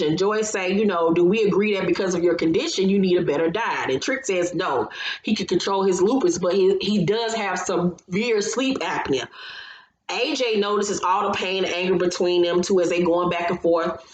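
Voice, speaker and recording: Chatty woman recapping reality TV, echoey room. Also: medium pitch. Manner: chatty and opinionated, retells scenes with asides. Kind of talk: casual episode recap commentary.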